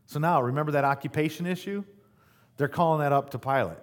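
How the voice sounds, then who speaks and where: A man's voice: a little high, fast. A man preaching a sermon, reading scripture aloud and breaking off for casual asides and rhetorical questions. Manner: conversational asides with rhetorical "right?". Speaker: pastor.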